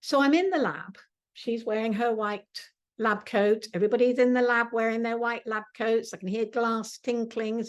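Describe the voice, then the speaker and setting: A middle-aged woman, an astrology teacher, telling a personal story with vivid sensory detail and soft asides. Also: fairly high pitch.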